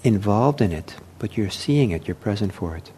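Man giving a meditation talk, low voice, mellow tone, halting and gentle, faint rumble behind. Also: lively intonation. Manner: gentle, unhurried, with frequent fillers and restarts. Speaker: meditation teacher. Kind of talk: dharma talk.

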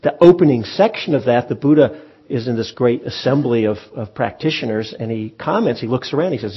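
A man teaching meditation to a group, speaking in a relaxed, conversational way with frequent pauses and restarts. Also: mid-range voice, vocal fry, slightly rough, highs cut off. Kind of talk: dharma talk. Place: meditation hall with audience.

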